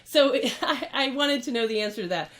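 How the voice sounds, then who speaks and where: Repair shop lady ranting on her channel, exasperated, kinda high voice. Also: normal speed. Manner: exasperated, incredulous, lively with laughs. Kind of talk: ranting vlog to camera.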